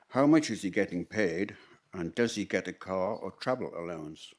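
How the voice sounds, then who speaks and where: A man's voice: sits low, animated, moderate pace. A man from the public putting pointed, insistent questions to a council during question time. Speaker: member of the public asking questions.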